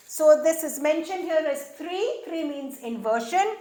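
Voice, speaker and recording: A woman teaching a beginner language lesson, explaining step by step and slowly repeating each example sentence. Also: high-pitched, animated, mellow, roomy sound. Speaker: French teacher.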